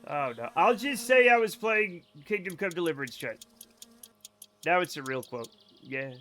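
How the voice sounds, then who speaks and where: A man streaming a game live, chatting casually to his viewers in a rambling, self-mocking way with sudden excited outbursts. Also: high-pitched, normal speed, slight background noise. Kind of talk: casual gameplay commentary to chat.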